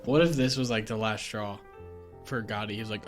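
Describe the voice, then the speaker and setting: A man co-hosting a podcast in casual chat, animated and quick to laugh, at times reading notes aloud. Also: lowish voice, over music. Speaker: podcast co-host.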